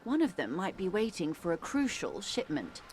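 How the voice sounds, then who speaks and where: An actress voicing a composed, calculating corporate woman negotiator in a video game, measured and persuasive. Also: fairly low pitch, very animated, darkish tone, a little hiss or hum. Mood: calm, persuasive.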